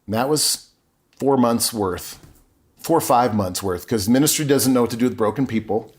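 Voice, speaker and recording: A man's voice: mid-range voice, moderate pace. A middle-aged man, a podcast guest, telling his personal story in an earnest, openly emotional way with frequent restarts.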